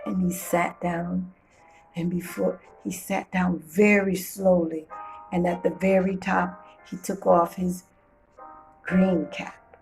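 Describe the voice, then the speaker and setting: A woman reading a children's storybook aloud with playful, expressive storytelling. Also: fairly low pitch, slow, creaky, faint music behind, low-quality recording.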